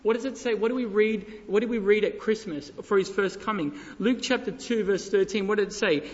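A high-voiced man preaches with passion, shifting between hushed, intimate stretches and loud, ringing appeals. His voice rings out in a large hall with a long reverb tail. The sound is dull and lo-fi. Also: a little fast, few pauses. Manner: impassioned, swings from hushed to loud. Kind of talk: sermon.

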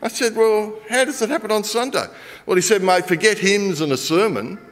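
Man, australian accent, middle-aged, sermon storytelling, expressive, reverb-heavy hall. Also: high-pitched, fairly quick. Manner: animated, shifts between loud emphasis and quiet. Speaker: preacher.

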